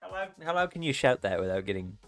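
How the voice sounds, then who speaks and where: A man's voice: medium pitch, very animated, fast talker, fairly bright tone, faint music behind. A young man hosting a livestream, chatting casually with viewers and reading their comments aloud with a playful, joking manner. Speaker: livestream host. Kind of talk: casual chat with live viewers.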